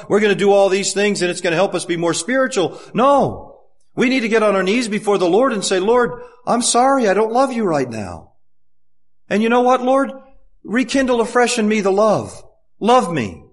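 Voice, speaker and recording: A male pastor preaching a sermon in a somewhat high voice. He builds into loud, rising appeals, then drops to soft, intimate tones, and repeats words when he gets going. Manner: impassioned preaching, swinging from loud to hushed.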